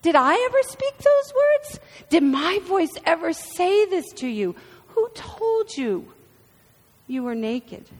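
A woman's voice: extremely high pitch, very animated, takes it slowly, darkish tone, voice pushed up, exaggerated voice. A woman voicing a grieving God, pleading and anguished. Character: grieving God calling to his children. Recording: reverberant hall.

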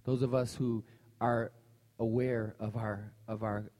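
A man preaching a conversational, animated sermon and telling a personal story to his congregation. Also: on the low side, measured pace. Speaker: pastor. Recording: long hall reverb.

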